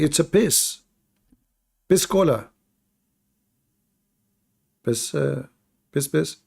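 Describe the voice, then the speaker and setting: A man's voice: a little high, creaky, mellow, husky. A man hosting a live online debate and talking in a sarcastic, mocking way, often laughing at his own points. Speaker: live debate show host.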